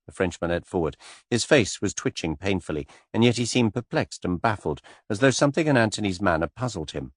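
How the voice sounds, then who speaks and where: A man narrating an audiobook, reading in a lively way and moving between character voices. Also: brisk, husky, no room sound, studio quality. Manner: lively, shifts pitch and loudness between characters.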